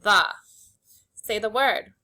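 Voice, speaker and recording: A young woman leads little kids through a phonics lesson, sounding out every letter slowly and clearly and cheering them on with upbeat praise. Her voice sits at a medium pitch with a sharp edge.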